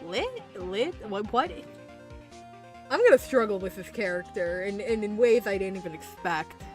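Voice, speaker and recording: A woman's voice: medium pitch, moderate pace, faint music behind. A young woman streaming a game, chatting casually, swearing and joking at her own expense. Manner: animated, self-mocking, swears and laughs often. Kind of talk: casual live-stream commentary.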